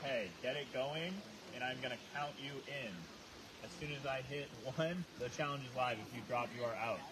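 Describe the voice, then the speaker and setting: A man hosting an outdoor challenge, explaining rules and calling the action in a steady, instructive way. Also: medium pitch, a little fast, a crowd in the background. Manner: steady, instructive, calls himself monotone. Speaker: challenge host. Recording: noisy on-location recording.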